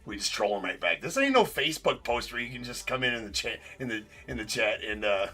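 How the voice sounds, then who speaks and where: A man's voice: medium pitch, very animated, brisk, bright, forceful tone. A man hosting a live card break stream, talking casually and teasing viewers in the chat with loose, rambling banter. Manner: teasing, rambling, with frequent laughs and filler words.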